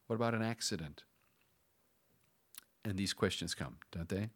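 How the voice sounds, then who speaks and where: Middle-aged guy preaching, lowish voice, slows way down for emphasis, sometimes goes to a whisper. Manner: preaching with dramatic pauses, dropping to a whisper at times. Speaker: pastor. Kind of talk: sermon.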